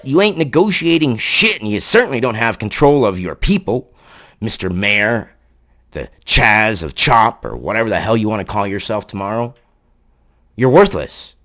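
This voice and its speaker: A man's voice: on the low side, fairly bright tone. A man delivering angry political commentary, sarcastic and profane in his ranting.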